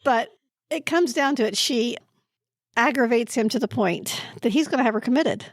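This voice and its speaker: A woman co-hosting a library book podcast, recorded at a library, talking casually and slowly about a book she picked, pausing to search for words. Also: fairly high pitch, no room sound, clean studio sound. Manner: slow, searching for words, laughing at times. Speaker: podcast co-host presenting a book pick.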